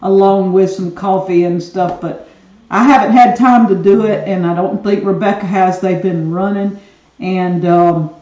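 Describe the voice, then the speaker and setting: A woman's voice: medium pitch, fairly even intonation, a little slow, warm tone. A woman with a Southern US accent co-hosting a homestead live stream, chatty, trailing off with fillers. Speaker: homestead channel co-host. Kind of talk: casual live-stream chat. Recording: distant, dull, echoey mic pickup.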